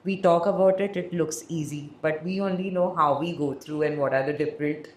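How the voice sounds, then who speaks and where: A woman's voice: low-pitched, fairly even intonation, a little fast, a little mellow, echoey room. A woman hosting a podcast, talking in a loose, rambling way. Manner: rambling, many fillers, laughs often. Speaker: podcast host. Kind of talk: casual interview chat.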